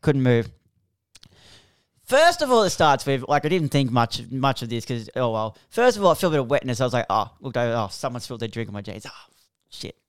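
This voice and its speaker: A man's voice: mid-range voice, very animated, brisk, smooth, dry recording, studio quality. A young Australian man co-hosting a podcast, telling a rambling story in casual chat, swearing freely and laughing as he goes. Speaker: podcast co-host.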